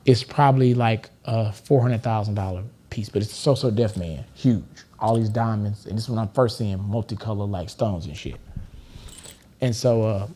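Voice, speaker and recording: A man's voice: fairly low pitch, normal speed, warm tone. A middle-aged man from Los Angeles, a podcast guest telling stories casually and animatedly, laughing often and acting out other people in a raised voice. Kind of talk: casual storytelling. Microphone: studio podcast mic.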